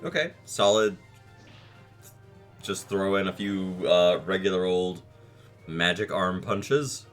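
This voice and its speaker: Over soft background music, a low-voiced man plays a monster-raising game for his gaming channel. His let's play commentary is casual and self-deprecating, full of quick quips and dry asides.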